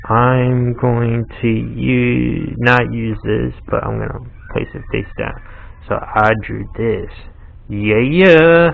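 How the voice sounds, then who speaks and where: A man's voice: medium pitch, vocal fry, dull audio. A man giving a casual play-by-play of a card game, explaining the rules as he goes and laughing easily.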